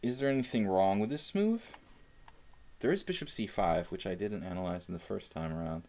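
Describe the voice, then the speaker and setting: A man's voice: sits low, lively intonation, a little fast, mellow. A young man chatting casually while analyzing chess moves on a live stream, thinking aloud with fillers.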